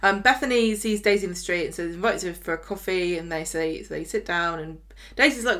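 A woman's voice: on the low side, a bit bright. A woman co-hosting a podcast, recapping a soap opera in casual, sarcastic chat. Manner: chatty, sarcastic, mocks characters in quick asides. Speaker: podcast co-host.

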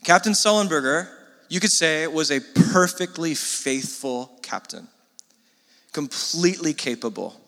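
Male pastor, sermon, bright voice, fairly high pitch, long echo from a church hall. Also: unhurried. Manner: conversational, animated preaching with asides to the congregation.

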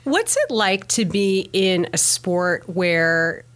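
A woman's voice: fairly low pitch, very animated, slow pace. A woman hosting a casual interview, asking curious follow-up questions. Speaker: interviewer, host.

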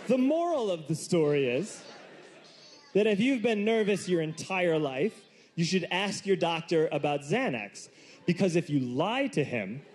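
A man doing stand-up comedy, telling a self-mocking story with animated outbursts. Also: a little high. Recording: noisy live recording with room ambience.

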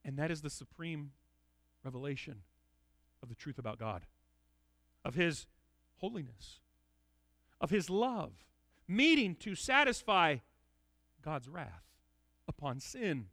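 A man's voice: fairly high pitch, very animated, slow, pauses often, sharp tone, no room sound. A man giving an expository sermon in an earnest, emphatic way, often repeating words as he restarts. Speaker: preacher.

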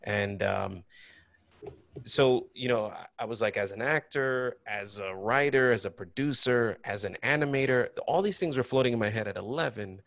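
A man who is an actor and cartoon creator, telling stories in a casual interview in an animated, expressive way. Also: medium pitch, moderate pace, vocal fry, dry recording.

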